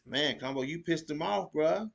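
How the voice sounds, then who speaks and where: A man's voice: a little high, moderate pace, creaky. Laid-back man hosting a slangy podcast. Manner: laid-back slangy talk, laughs often. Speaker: podcast host. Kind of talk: casual podcast chat.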